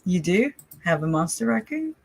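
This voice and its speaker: A woman's voice: fairly low pitch, very animated, normal speed, creaky, no room sound. A woman from the Southern United States hosting a casual livestream, rambling and chatty, often laughing between her thoughts. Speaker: livestream host.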